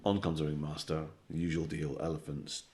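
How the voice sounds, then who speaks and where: Male comedian, very deep voice, sweary animated joke-teller, keeps checking in with "right?". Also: a little fast. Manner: animated storytelling, sweary, with frequent "right?" tags. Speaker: comedian guest. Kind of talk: casual podcast chat, telling jokes.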